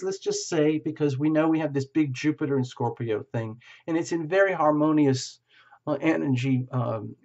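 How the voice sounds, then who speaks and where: A man giving a casual tarot reading, musing and repeating words with lots of fillers, gentle and reassuring. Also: fairly high pitch, normal speed, highs cut off. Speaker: tarot reader.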